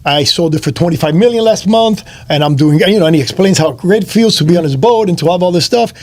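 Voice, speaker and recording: A man hosting a casual chat, telling an animated story and acting out the other people's voices. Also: high voice, fast. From Miami area. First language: not Spanish first; speaks English and Spanish. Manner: animated, acts out voices in his stories. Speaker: host.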